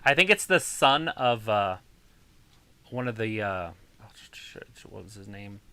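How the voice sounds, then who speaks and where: A man's voice: on the low side, expressive, unhurried, bright, forceful tone, clean tone, dry recording. A man co-hosting a wrestling watch-along, giving laid-back commentary with dry remarks. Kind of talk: casual match commentary.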